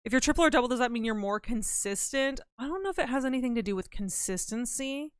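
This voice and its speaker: A woman's voice: fairly high pitch, lively intonation, quick pace, clean tone, no echo, studio quality. A young woman livestreaming, chatting casually and playfully with her viewers in a rambling way. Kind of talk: casual chat with live viewers.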